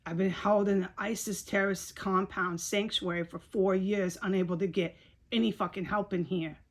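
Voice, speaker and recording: A woman's voice: medium pitch, fairly even intonation, moderate pace. A woman giving a rambling, frustrated video monologue, repeating herself and swearing often. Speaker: video blogger.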